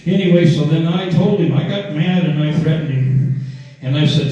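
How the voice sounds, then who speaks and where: An older man with a rural Alaskan accent tells a long story in a rambling, folksy monologue full of fillers and restarts. His voice sits a little high but sounds dark and mellow. The recording is muffled and very echoey. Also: moderate pace. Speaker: former borough assemblyman.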